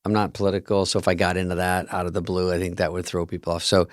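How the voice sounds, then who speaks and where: A man's voice: sits low, little pitch movement, quick pace, dry recording, clean studio sound. A man from Arizona and California co-hosting a podcast, talking in a laid-back, wry, self-deprecating way. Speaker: podcast co-host. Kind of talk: casual chat.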